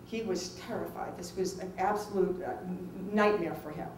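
A middle-aged woman tells a personal story to an audience in a lively, conversational way and acts out other people's lines. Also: fairly low pitch, normal speed, slight background noise. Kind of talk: personal anecdote told to an audience. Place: film festival venue. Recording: roomy, distant mic with faint ambience.

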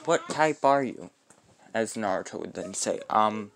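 A man casually narrating a homemade fan story, rambling off on tangents with halting restarts. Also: fairly low pitch, animated, a bit bright, slight background noise.

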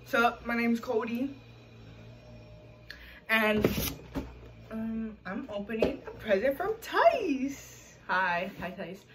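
A woman opening a present and introducing herself in a low-key, hesitant way. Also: animated, slow, pauses often, noisy background. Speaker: friend opening a gift. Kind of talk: casual vlog chat.

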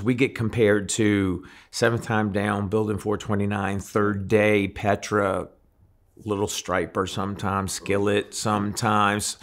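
Interview guest: lowish, gravelly man from New Orleans, lively storyteller who acts out voices. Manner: animated storyteller, acts out voices in his anecdotes. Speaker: guest musician.

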